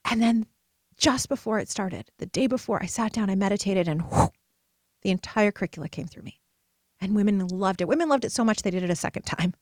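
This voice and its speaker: A woman hosting a motivational podcast, telling her own story with emphatic, personal delivery that swings between soft and loud. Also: mid-range voice, animated, fast, dry recording, studio quality. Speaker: podcast host and purpose coach. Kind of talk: motivational solo podcast talk.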